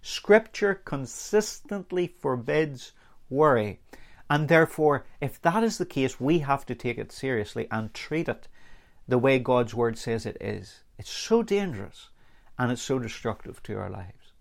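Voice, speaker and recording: A man preaching a sermon, earnest and lively, with dramatic pauses and acted-out anecdotes. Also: medium pitch, vocal fry.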